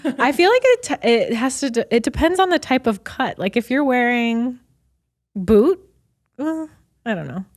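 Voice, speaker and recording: A woman's voice: on the high side, sing-song, moderate pace. A woman co-hosting a podcast, chatting casually in a hesitant, filler-heavy way. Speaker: podcast co-host. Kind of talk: casual chat.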